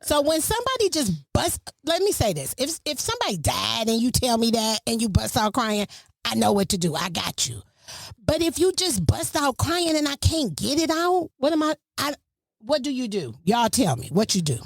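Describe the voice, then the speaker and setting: A middle-aged woman hosting a casual family podcast, telling a story with lively, swinging emphasis. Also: normal speed, no room sound, clean studio sound. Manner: animated, storytelling, swings pitch widely for emphasis. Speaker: podcast host.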